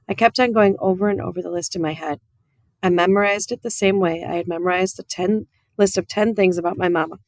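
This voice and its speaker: Calm woman reading a storybook aloud. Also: fairly low pitch, dry recording. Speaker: audiobook reader. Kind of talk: storybook read-aloud narration.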